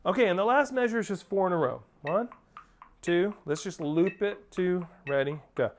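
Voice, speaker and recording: A man's voice: sits high, lively intonation, normal speed, noisy background. Man coaching drum rudiments. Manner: coaching, counts off and sings rhythms as syllables. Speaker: percussion teacher. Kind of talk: instructional drum lesson. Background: percussion playing.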